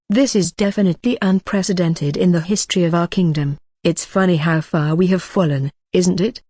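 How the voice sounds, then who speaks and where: A narrator reading a fantasy novel aloud in an even, machine-like delivery with odd word glitches. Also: mid-range voice, dry recording, clean studio sound. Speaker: audiobook narrator.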